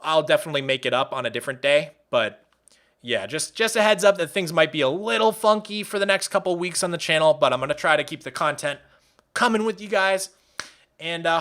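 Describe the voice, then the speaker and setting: A young man chats casually with his live-stream audience in a high, pushed, bright voice. He rambles, often restarting his sentences and laughing as he goes.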